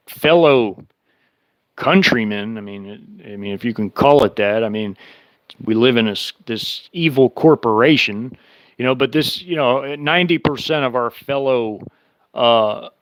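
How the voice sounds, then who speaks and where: A man's voice: medium pitch, a little slow, fairly bright tone, no room sound, poor audio. A man hosting his own show, talking through events in an emphatic, repetitive, indignant way. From United States. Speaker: show host. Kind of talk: casual commentary monologue.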